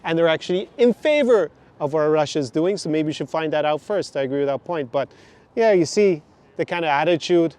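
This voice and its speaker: A man's voice: on the high side, expressive, a little fast, a little mellow. A man giving critical, sarcastic reaction commentary on a clip, outdoors in a city. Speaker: YouTuber reacting to a video.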